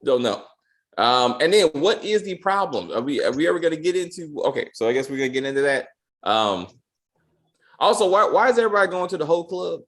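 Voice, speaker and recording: A man's voice: a little high, big pitch swings, a little fast, fairly bright tone. A man hosting a casual review chat, joking and using loose slang. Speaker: podcast host reviewing a TV episode.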